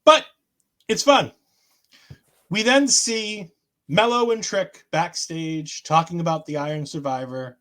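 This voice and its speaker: A man with a high voice recaps eagerly on a podcast. He tells things like a story and slips into quoting others as he goes. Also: takes it slowly, long pauses. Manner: animated storytelling, acts out quotes. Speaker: podcast co-host. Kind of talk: casual wrestling recap chat.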